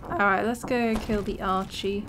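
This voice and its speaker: A woman's voice: medium pitch, fairly even intonation, a little slow, heavy background noise. A woman hosting a let's play, chatting casually and laughing at herself as she plays. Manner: chatty, giggly, self-mocking. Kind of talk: casual gameplay commentary.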